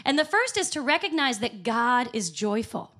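A woman's voice: a little high, very animated, moderate pace, sharp tone. A woman preaching a sermon in church, upbeat and emphatic with frequent laughs. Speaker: pastor.

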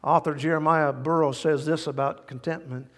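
A middle-aged male pastor preaching a sermon, telling stories with big swings from hushed to loud. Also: a little high, normal speed. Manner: animated storytelling, swings from quiet to loud. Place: large church hall. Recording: hall reverb.

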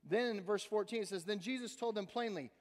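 High-voiced man preaching in a reverberant hall. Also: a little fast. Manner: conversational, with folksy asides and repeated words; swings between emphatic and hushed. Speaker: pastor. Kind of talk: sermon.

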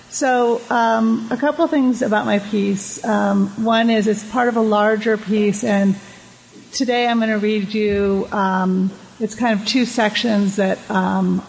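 A woman's voice: medium pitch, vocal fry, darkish tone, a little hiss or hum, rough recording. A woman in her fifties reading her own memoir aloud at a small reading, hesitant with many ums in her introduction. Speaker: memoir reader.

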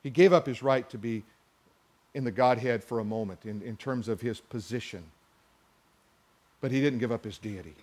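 A man preaching a sermon, reading scripture slowly and with emphasis and calling on the congregation to answer. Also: mid-range voice, a little mellow.

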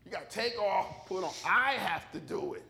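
A man's voice: sits high, lively intonation, moderate pace, vocal fry, pushed and bright. A man preaching a sermon in a church, emphatic and joking, driving call-and-response with the congregation. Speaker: pastor.

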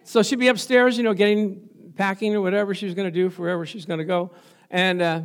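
A man's voice: sits high, steady tone, fast. A middle-aged male pastor preaching a sermon, telling stories with laughter and frequent praise interjections.

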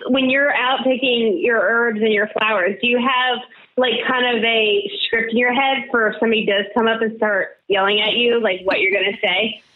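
A woman's voice: on the high side, steady tone, normal speed. A woman in casual chat with friends, asking curious questions. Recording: dull hissy audio.

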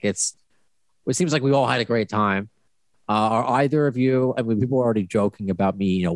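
Low-voiced podcast host, dry sound. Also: male voice, a little mellow, dry recording. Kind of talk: casual chat.

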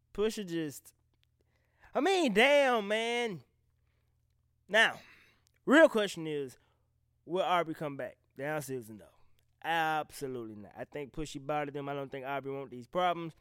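A man from the American South, talking bluntly and with a lot of swearing in a casual, unscripted commentary, animated and often breaking off mid-sentence. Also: on the high side, measured pace, pauses often, smooth, dry recording, clean studio sound. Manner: blunt, profane, animated, trails off and restarts. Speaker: vlogger reacting to rap beef.

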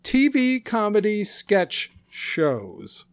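A man co-hosting a casual comedy podcast, delivering deadpan jokes and dry one-liners. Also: high voice, extremely slow, smooth. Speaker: podcast co-host.

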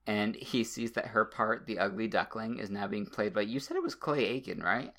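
Bright-voiced rambling male podcaster. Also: on the low side, moderate pace. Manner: chatty, rambling, with frequent restarts and swearing. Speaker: podcast co-host. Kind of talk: casual movie recap chat.

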